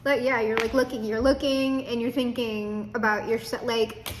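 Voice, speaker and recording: Young woman, high voice, chatty tarot reader who swears freely, faint room hum behind her. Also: little pitch movement, normal speed. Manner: chatty, swearing, laughing asides. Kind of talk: casual tarot reading to camera.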